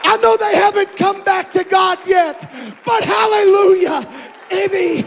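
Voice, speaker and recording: A man preaches in a church with a strikingly high voice, taking his time over every phrase. He often shouts or sings out his lines as he reads scripture to the congregation. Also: steady tone, unhurried, creaky, a faint crowd, slight background noise. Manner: preaching with shouted, sung-out passages. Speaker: pastor. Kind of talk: sermon.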